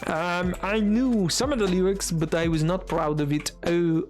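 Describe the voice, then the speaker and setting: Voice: medium pitch, fairly even intonation, unhurried, a little mellow, faint music behind. A game streamer chatting playfully with the live chat during gameplay, often breaking into sung bits and silly asides. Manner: playful, goofy, sings along and talks to chat.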